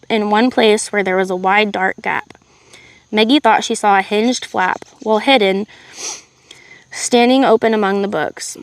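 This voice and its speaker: A woman reading a novel aloud on a live stream in a steady voice, with chatty asides to her viewers. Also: medium pitch, gravelly, no room sound. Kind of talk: live read-aloud narration.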